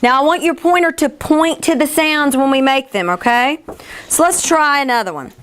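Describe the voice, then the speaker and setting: A woman teacher leading a classroom phonics lesson, encouraging and stretching sounds out slowly. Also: high voice, fairly bright tone.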